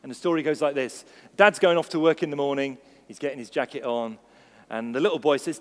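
A man preaching a sermon, lively and acting out the voices in his stories. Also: mid-range voice, a little fast. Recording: long reverb of a church hall.

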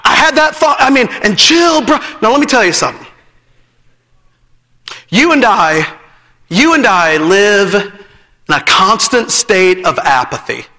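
A man with a very high, sharp and bright voice preaches a sermon, hammering his points home by repeating phrases. The sound rings with a long echo from a church hall. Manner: emphatic, repeats phrases, breaks into laughter.

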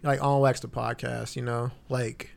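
Chill young dude on a podcast, average-pitched voice, keeps restarting his sentences. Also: level tone, a little slow, gravelly. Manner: laid-back, reactive, trails off in restarts. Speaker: podcast co-host. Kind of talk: casual chat.

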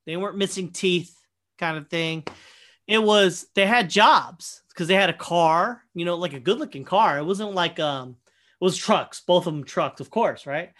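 A young man casually telling a profane, animated story, full of fillers and quoted asides. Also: sits high, normal speed. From Michigan, USA. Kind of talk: casual anecdote chat.

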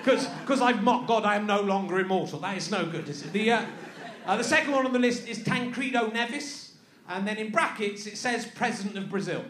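A man's voice: sits high, a little fast, a bit bright, a little hiss or hum. A male stand-up comedian performing live, sarcastic and incredulous, teasing the audience as he reads out a list. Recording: echoey venue with audience laughter.

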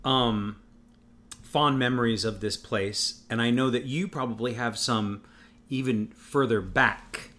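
A man in his forties who talks carefully and hesitantly on a casual podcast. He often starts over mid-sentence, and his voice sits at a middle pitch. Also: fairly even intonation, bright, forceful tone. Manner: hesitant, measured, with many restarts. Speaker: podcast host.

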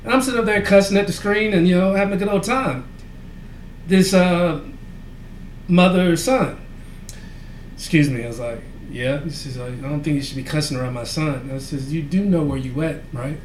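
A man's voice: fairly high pitch, moderate pace, long pauses. A man co-hosting a podcast, telling a rambling, profane story in casual chat, full of fillers. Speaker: podcast co-host. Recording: echoey room with faint ambient noise.

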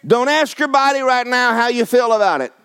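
Animated folksy preacher man. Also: very high-pitched, brisk, clean tone. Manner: folksy, emphatic, repeats phrases for effect. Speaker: pastor. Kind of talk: sermon.

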